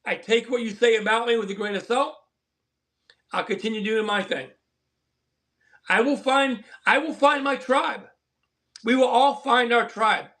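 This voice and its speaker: A man hosts a live stream in a high, bright voice. He rambles in an earnest, preachy way, chatting casually with his viewers. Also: unhurried, pauses often. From southern Colorado. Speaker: livestream host. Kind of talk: casual livestream chat.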